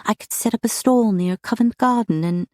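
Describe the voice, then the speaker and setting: A shy, earnest young woman, as a narrator puts her on in an audiobook. Her voice lifts high and a little breathless, and she talks with an eager rush. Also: moderate pace, darkish tone, no room sound, clean studio sound, lightly acted.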